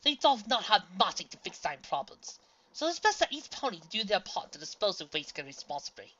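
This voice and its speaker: A woman voicing a gentle pony princess in disguise who speaks in a formal, old-fashioned way. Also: medium pitch, big pitch swings, fairly quick, highs cut off, pitched above the performer's own voice. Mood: earnest.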